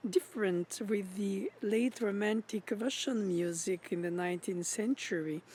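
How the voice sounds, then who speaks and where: A man teaching about music. He pauses to search for words and sings rhythms and note names to make his points. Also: sits high. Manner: thoughtful, pausing, searching for words. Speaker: piano teacher. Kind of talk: musical lecture.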